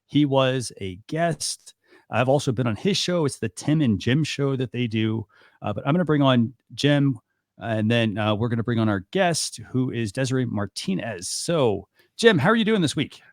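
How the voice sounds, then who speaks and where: A man's voice: mid-range voice, animated, normal speed, a little mellow, no room sound, clean studio sound. A man hosting a live talk show in a loose, casual way with plenty of fillers. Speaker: host.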